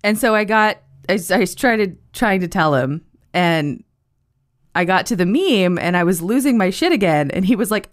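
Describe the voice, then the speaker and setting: A woman hosting a casual monologue, telling a story in an animated, profane way and laughing as she goes. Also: medium pitch, moderate pace.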